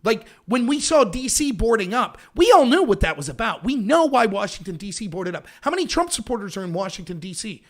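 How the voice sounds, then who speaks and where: An American man hosts a political call-in show, arguing emphatically and mocking his opponents in high voices. His delivery is sing-song and fairly quick, with hardly any pauses.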